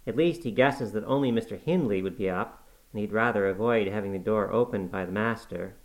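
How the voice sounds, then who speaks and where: A man reading a classic novel aloud as scripted narration, measured and even. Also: fairly low pitch, low-quality recording. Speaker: audiobook reader.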